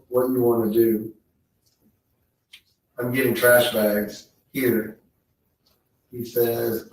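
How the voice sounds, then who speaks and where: Guy reading texts out in court, monotone, far from the mic, roomy courtroom sound. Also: medium pitch, creaky, slight background noise. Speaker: trial witness reading messages. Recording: echoey courtroom audio from far off.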